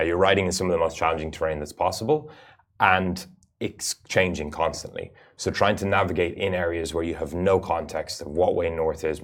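A man with an extremely deep, low voice answers interview questions. He talks in an earnest, explanatory way and leans on "uh" fillers as he builds his points. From Ireland. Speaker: rally racer guest.

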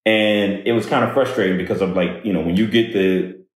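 A man telling a personal story in conversation, halting and repeating words as he goes. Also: low-pitched. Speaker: guest speaker on workplace diversity. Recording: very echoey room.

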